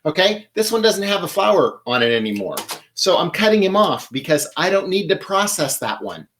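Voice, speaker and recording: A man's voice: sits high, big pitch swings, moderate pace, a bit bright, a little hiss or hum. A man hosting a live flower-care tutorial, chatting while he works at a table and repeating his tips for emphasis. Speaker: florist host.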